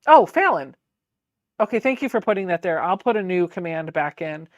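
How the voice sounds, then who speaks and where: A woman's voice: fairly low pitch, animated, moderate pace, dry recording, muffled recording. A woman hosting a quilting livestream, chatting casually as she reads viewer comments aloud and answers them, laughing often. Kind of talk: casual livestream chat while sewing.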